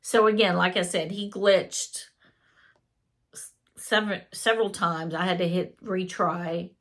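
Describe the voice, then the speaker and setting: A woman's voice: lowish voice, steady tone, a little slow. A woman telling an earnest, emotional faith testimony in a casual spoken style.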